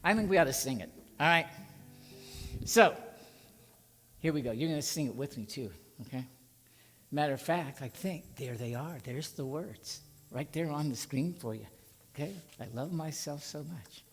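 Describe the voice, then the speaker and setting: In a church sanctuary with big-room sound, a male minister preaches in a fairly high voice with lively intonation and a moderate pace. Folksy and coaxing, he leads the congregation in call and response, and the sermon includes congregational singing.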